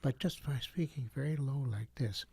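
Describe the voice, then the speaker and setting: An older man, a guest on a talk show, telling a story in a gentle, reflective way with frequent repeats. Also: medium pitch, moderate pace, vocal fry, slightly rough, no room sound.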